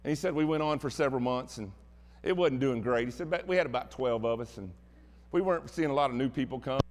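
A man's voice: mid-range voice, fast talker, in a large hall. A man with a Southern American accent preaching a sermon as pastor, telling stories in a folksy, plainspoken way. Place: church sanctuary.

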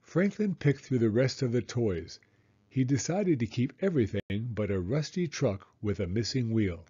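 A man reading a children's storybook aloud in an expressive, animated way. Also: mid-range voice, moderate pace, breathy edge, muffled recording. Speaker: children's book reader.

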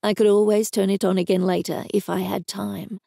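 An Australian woman narrating a story in first person on a close microphone, in a wry, even manner. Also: mid-range voice, brisk, creaky, no echo. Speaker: audiobook narrator.

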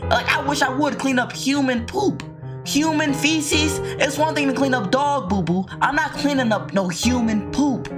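A man hosting a reaction video, talking casually and joking with loud exclamations. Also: extremely high pitch, normal speed, over music. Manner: animated, exclaiming and joking, with frequent laughs.

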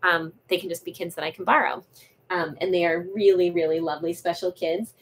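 A woman's voice: on the low side, fairly even intonation, fairly quick, slight background noise. A woman hosting a casual live vlog, chatting to viewers with lots of fillers and restarts while she grooms her dogs. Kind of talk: casual live-stream chat.

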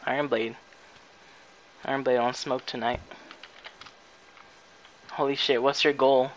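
Slow-talking young man streaming a game. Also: medium pitch, little pitch movement, poor audio. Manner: exasperated, pleading with chat to stop spamming. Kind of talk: casual gaming stream chat. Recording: faint background noise.

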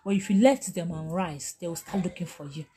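A woman's voice: fairly low pitch, brisk, mellow. A middle-aged woman teaching on a live stream. She talks emphatically, repeats herself and laughs often. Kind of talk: live-stream motivational talk.

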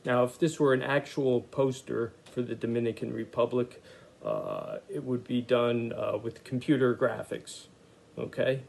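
A man with a gravelly voice guides children through an art lesson. He thinks aloud as he draws, sounding out letters for young readers with frequent "okay"s. Faint noise sits under the recording. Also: mid-range voice, animated, unhurried, darkish tone. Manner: talks through his drawing, sounding out letters. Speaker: art teacher.

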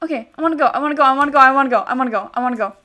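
A woman giving casual commentary while playing a video game, excitable and chatty, bursting into squeals and screams. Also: sits high, rapid-fire, heavy background noise. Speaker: gaming YouTuber.

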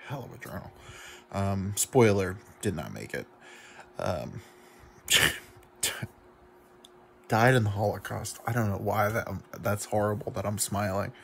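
A drunk man rambles through a confessional monologue, his low voice gravelly with fry. His pitch swings wildly from line to line, and he talks in self-deprecating asides, trailing "like" and "um" everywhere. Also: a little hiss or hum. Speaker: YouTube comedian.

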